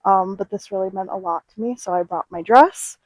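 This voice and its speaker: A woman's voice: medium pitch, a little fast, no echo, rough recording. A sentimental woman giving a dry-toned toast. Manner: sentimental, with soft laughs between lines. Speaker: groom's older sister giving a wedding toast. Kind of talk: heartfelt wedding toast speech. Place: at a wedding venue. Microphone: high-quality microphone.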